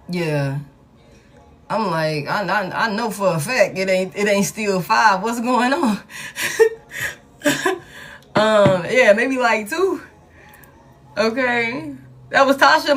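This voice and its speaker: A woman, giving a live tarot reading in blunt, profane, animated street talk. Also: medium pitch. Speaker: tarot reader.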